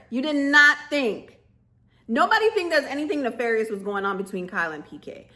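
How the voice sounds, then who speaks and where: A woman's voice: a little high, big pitch swings, moderate pace, fairly bright tone. A woman ranting to camera in a casual vlog, sassy and emphatic, often breaking into laughter. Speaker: vlogger reviewing a reality show.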